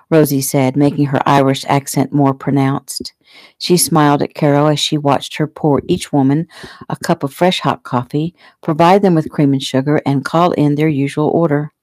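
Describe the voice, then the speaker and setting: A woman's voice: low-pitched, moderate pace, dry recording. A woman author reading her own novel aloud at home in a casual, unpolished manner. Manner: relaxed, unpolished, clears throat. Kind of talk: casual audiobook narration. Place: home room.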